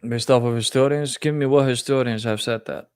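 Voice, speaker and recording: A man's voice: medium pitch, steady tone, brisk, darkish tone, smooth, no room sound, studio quality. A man hosting a live-streamed religious debate, talking in a confrontational, mocking way. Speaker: debate livestream host.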